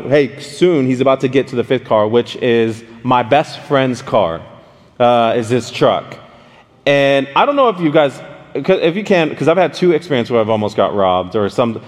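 Pastor telling a story in an echoing hall. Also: male voice, medium pitch. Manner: animated, addresses the audience directly with questions. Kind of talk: conversational storytelling sermon. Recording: long hall reverb.

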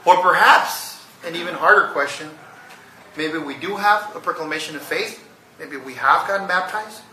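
A man delivers an earnest teaching sermon, often checking in with rhetorical questions. His voice is very bright and sits slightly high. He sounds set back from the mic in a roomy, echoey space. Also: moderate pace, recorded from a distance, slight background noise. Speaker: pastor.

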